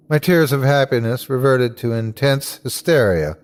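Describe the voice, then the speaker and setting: A man hosting a podcast and narrating a first-person horror story dramatically, swinging from hushed lines to cries. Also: mid-range voice, lively intonation, a little slow.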